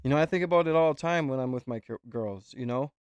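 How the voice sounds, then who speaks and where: A man's voice: medium pitch, fast, smooth, no room sound. Male streamer, loose and profane, talks in circles, dry close mic. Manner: rambling, swears freely. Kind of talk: casual reaction chat.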